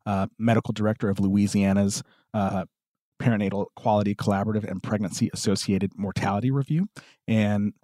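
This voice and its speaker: A Southern podcast co-host with a fairly low, mellow voice reads quotes aloud from articles on a casual discussion podcast, using many fillers. The recording is studio quality, with no room sound.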